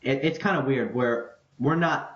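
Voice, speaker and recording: A young man hosting a casual podcast, excitable and rambling, quick to crack jokes. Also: mid-range voice. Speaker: podcast host. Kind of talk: casual chat. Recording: lo-fi, echoey room.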